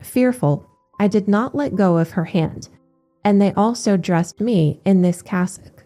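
A woman giving a steady, measured scripted narration of religious accounts. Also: mid-range voice, faint music behind.

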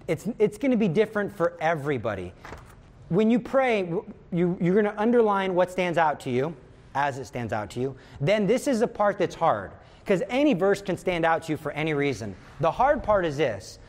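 A man's voice: high-pitched, very animated, moderate pace. A man teaching a prayer class in an earnest, emphatic way, repeating key words for stress. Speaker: religious teacher.

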